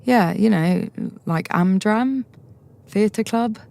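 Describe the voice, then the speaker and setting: A woman's voice: medium pitch, slow, creaky, darkish tone, pitched above the performer's own voice. A woman reading the part of a nervous, eager young man who stumbles over his words.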